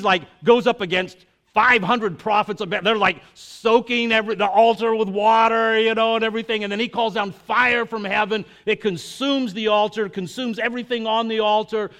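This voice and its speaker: A man preaching a conversational sermon, telling stories with energy and asking the congregation questions. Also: high-pitched. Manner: animated storytelling, acts out quotes. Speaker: pastor.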